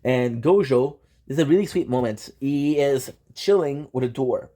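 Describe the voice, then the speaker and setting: A young man hosting his channel, excitedly recapping an anime in casual slang, with lots of restarts and swearing. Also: mid-range voice, normal speed. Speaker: channel host.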